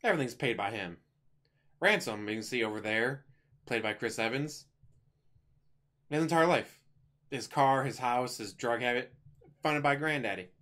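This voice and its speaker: A man talks through a movie review in a loose, rambling way, cracking small jokes as he goes. His voice sits at an ordinary middle pitch. He sounds like a casual reviewer chatting to his viewers. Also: moderate pace, pauses often, bright, forceful tone.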